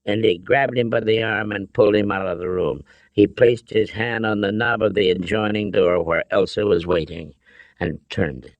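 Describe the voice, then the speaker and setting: A man narrating an audiobook in a measured, deliberate way. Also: on the low side, fairly even intonation, dry recording, highs cut off. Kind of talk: scripted narration.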